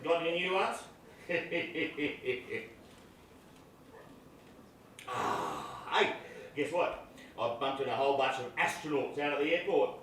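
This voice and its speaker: An actor playing a loud, crude Australian cricket fan with an Australian accent who swears freely and cracks crude jokes. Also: male voice, on the high side, very animated, slow pace, long pauses, heavily acted. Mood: bantering. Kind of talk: comedy film acting. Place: outdoor cricket ground stands. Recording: echoey, distant mic, background noise.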